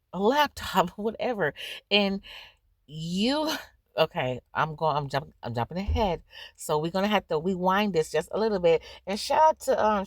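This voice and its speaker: A young adult woman hosting a reaction video, giving blunt, profane, animated commentary in casual chat. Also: fairly low pitch, dry recording, clean studio sound.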